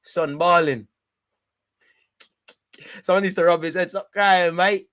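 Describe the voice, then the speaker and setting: A man's voice: high voice, steady tone, takes it slowly, a bit bright, slight background noise. A young man hosting a football watch-along, bantering and mocking in slangy casual chat. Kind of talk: casual live match reaction.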